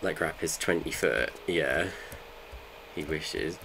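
A man's voice: a bass voice, takes it slowly, vocal fry, sharp tone, slight background noise. A man, chatting and joking with his viewers while playing a game. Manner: joking, bantering with chat. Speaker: streamer. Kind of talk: casual live gameplay chat.

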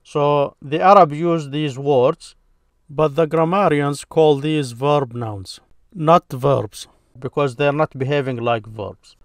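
A man teaching Arabic grammar in a slow, patient way, explaining a point step by step. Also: fairly high pitch, no echo, clean studio sound. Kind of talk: explanatory lesson.

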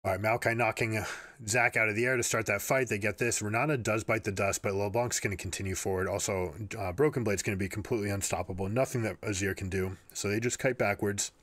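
Energetic man breaking down esports play. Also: fairly low pitch, fast talker, no echo. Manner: energetic, repeats words while explaining. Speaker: esports coach commentator. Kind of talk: game analysis with coaching advice.

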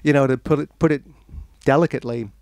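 A man's voice: mid-range voice, fast, vocal fry, dry recording. Man telling a story to a crowd. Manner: animated anecdote-telling, laughing at his own story. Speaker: author at a bookstore talk. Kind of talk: storytelling talk to an audience. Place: bookstore event room.

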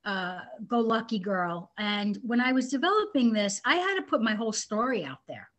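A woman's voice: on the high side, very animated, normal speed. A woman, an inventor and entrepreneur, telling her story as an interview guest in a bubbly, heartfelt way. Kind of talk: casual interview chat.

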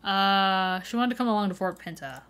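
A woman's voice: mid-range voice, normal speed, a bit bright. Chatty young woman streaming a game. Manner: chatty, laughs often, greets and answers chat. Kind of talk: casual chat while live-streaming a game.

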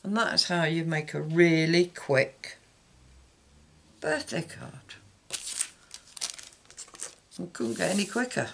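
A man's voice: fairly high pitch, lively intonation, slow pace, gravelly, pauses often, fairly bright tone, a little hiss or hum. A man hosting his own craft channel, chatting loosely while making a card and sometimes losing his train of thought. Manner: chatty, rambling, loses track mid-thought. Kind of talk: casual card-making demonstration.

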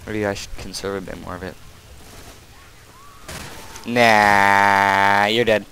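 A man giving casual let's-play commentary, muttering asides and then yelling loud bursts at the enemies he fights. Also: fairly low pitch, fairly even intonation, slow, poor audio. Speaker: gameplay commentator. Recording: faint game noise behind.

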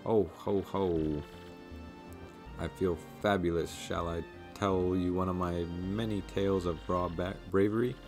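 A man voicing a vain, theatrical male merchant from a video game, with a grandiose, drawn-out lordly delivery. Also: deep voice, fairly even intonation, a little mellow, faint music behind. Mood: boastful. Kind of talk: reading game dialogue aloud.

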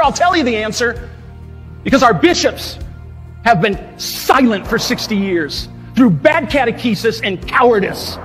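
A man's voice: high voice, fairly bright tone. A man, a parish priest delivering an impassioned homily, indignant and full of rhetorical questions. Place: large church. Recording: long church reverb, faint music.

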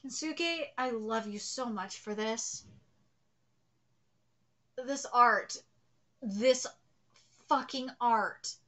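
High, bright-voiced gushing woman. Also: very slow, pauses often. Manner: gushing, exclamatory, swears freely. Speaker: manga reaction host. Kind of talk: live reaction commentary.

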